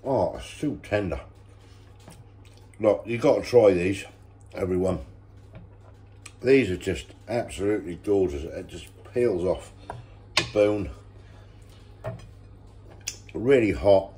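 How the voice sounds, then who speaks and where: A man presenting a casual home cooking video, relaxed and enthusiastic about the food. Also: deep voice, takes it slowly, long pauses.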